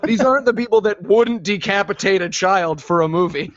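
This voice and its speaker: A man on a podcast co-hosting a comedic movie recap, telling the story in an animated way and doing quick voices for the characters. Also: sits high, no room sound, dull audio. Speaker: podcast co-host.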